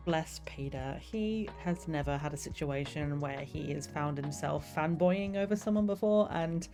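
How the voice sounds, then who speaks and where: A woman's voice: sits low, dark tone. A young woman streamer chatting casually and rambling about the novel she is writing, with lots of fillers. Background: faint lofi music.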